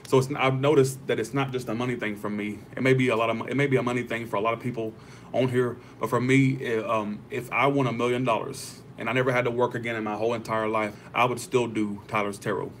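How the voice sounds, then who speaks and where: A man's voice: mid-range voice, level tone, fast, slight background noise. A young man hosting a tarot livestream, chatting casually with viewers, rambling and swearing freely.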